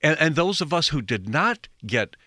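A man's voice: fairly high pitch, very animated, moderate pace, bright, forceful tone, dry recording, studio quality. A man giving a folksy, rambling talk show monologue as host. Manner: folksy, rambling, self-correcting.

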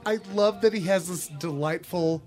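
A woman co-hosting a casual geek chat, excitable and quick to laugh, swearing freely as she gushes. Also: lowish voice, over music. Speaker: podcast co-host.

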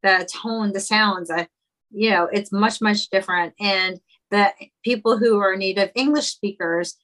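A woman from Quebec who is a guest on a podcast, chatting casually and acting out quick impressions of callers. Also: mid-range voice, fairly bright tone. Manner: chatty, talks things through, does quick impressions of callers. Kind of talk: casual conversational interview.

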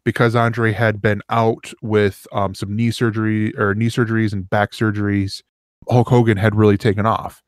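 A man's voice: fairly low pitch, level tone, moderate pace, no echo. A man co-hosting a podcast, telling a long rambling story in casual chat and acting out the quotes. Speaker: podcast co-host.

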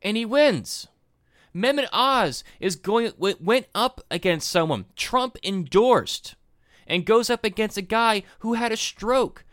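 A man hosting a podcast, giving solo political commentary in a rambling, animated way and often repeating himself. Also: high-pitched, slow pace, no room sound, studio quality. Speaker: podcast host.

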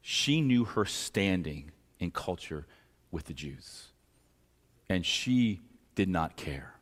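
In a church sanctuary, a pastor preaches a sermon in a deep, animated voice at a slow pace. He is earnest and sometimes acts out pleading voices, and the recording carries the reverb of a church hall.

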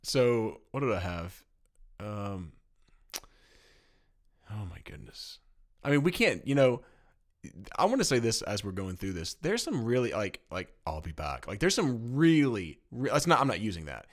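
A man's voice: mid-range voice, big pitch swings, unhurried, long pauses. A man co-hosting a podcast in casual chat, playful and jokey, with bursts of laughter. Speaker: podcast co-host.

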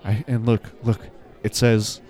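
A man's voice: lowish voice, little pitch movement, measured pace, warm tone, some chatter behind. A young man performing in an improvised comedy sketch, talking nervously and hesitantly, repeating his words as he stumbles.

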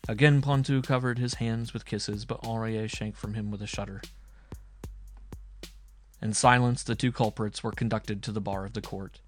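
Man reading a story aloud, low voice, dramatic and slow-paced, faint music behind. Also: fairly even intonation. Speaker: narrator. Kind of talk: audiobook reading.

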